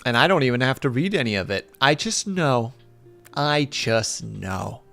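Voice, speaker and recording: Male streamer, lively up-and-down voice, rambling casual chat, self-deprecating, faint music behind. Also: medium pitch, a little fast.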